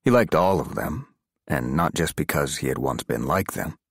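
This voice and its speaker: A man narrating a thriller audiobook in a measured, dramatic reading. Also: rumbling low, expressive, vocal fry, slightly rough, no room sound, clean studio sound. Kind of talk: scripted narration.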